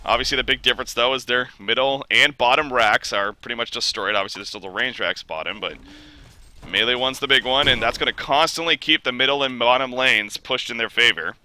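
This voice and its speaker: A young man casting an esports match, his voice worn hoarse from being under the weather, climbing into shouts when fights break out. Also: mid-range voice, brisk, no echo. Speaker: esports caster. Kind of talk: play-by-play esports commentary.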